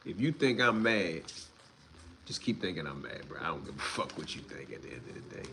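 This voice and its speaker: A man's voice: big pitch swings, brisk, creaky, sharp tone, a little hiss or hum. A young man hosting a livestream, ranting in blunt street slang with heavy swearing and a voice that climbs when he gets worked up. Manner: heated, rises in pitch when worked up. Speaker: livestream host.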